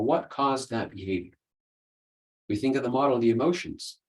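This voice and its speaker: A man's voice: mid-range voice, darkish tone, poor audio. A man hosting a solo podcast, explaining ideas in an earnest, conversational way. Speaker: podcast host, coach.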